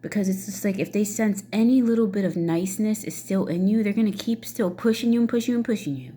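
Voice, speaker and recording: A woman's voice: medium pitch, fast talker, mellow. A middle-aged woman ranting casually to camera, blunt and swearing freely, with many fillers. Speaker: vlogger.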